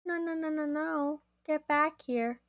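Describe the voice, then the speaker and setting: A young woman chatting casually to viewers as she plays a game on a live stream, easily excited. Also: high voice, unhurried.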